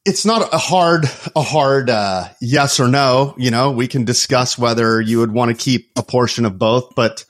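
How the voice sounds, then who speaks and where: A man's voice: mid-range voice, moderate pace, few pauses. A man co-hosting a podcast, chatting casually and laying out a topic. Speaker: podcast co-host. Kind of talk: casual chat.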